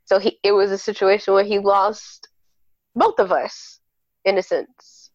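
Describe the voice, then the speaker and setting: A woman's voice: medium pitch, unhurried, no room sound, dull audio. A woman guest on a podcast telling a personal story candidly and animatedly, acting out what people said. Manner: candid, animated, acts out quoted dialogue. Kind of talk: casual storytelling chat.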